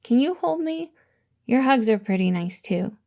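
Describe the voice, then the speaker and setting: A woman's voice: on the high side, animated, measured pace, vocal fry, mellow, pitched above the performer's own voice. A woman voicing a cheerful, earnest little orphan boy with an eager, innocent way of talking. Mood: sleepy.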